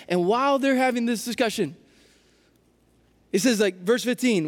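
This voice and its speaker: Male pastor, high voice, chatty animated sermon delivery, big echoing hall. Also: moderate pace, pauses often. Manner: casual, animated storytelling with frequent restarts. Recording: long hall reverb.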